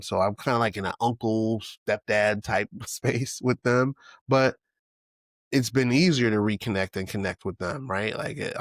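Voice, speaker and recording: A man in his forties talks through his thoughts on a solo podcast, circling back and restarting as he goes. His voice sits low and the sound is dry and close, with no room around it. He is candid and emotional and swears now and then. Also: no room sound. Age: 40s. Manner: reflective, thinks out loud with many restarts and "you know what I'm saying". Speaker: podcast host. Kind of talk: unscripted solo podcast monologue.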